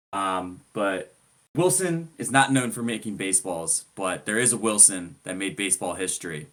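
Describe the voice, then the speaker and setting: Laid-back, lower-voiced male podcaster. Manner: relaxed, conversational, joking. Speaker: podcast co-host. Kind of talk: casual sports chat.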